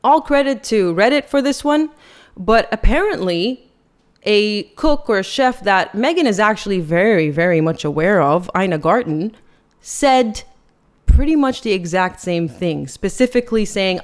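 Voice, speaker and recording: A woman's voice: medium pitch, expressive, moderate pace. A woman hosting a podcast, giving chatty, sarcastic and critical commentary. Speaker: podcast host. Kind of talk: casual opinion commentary.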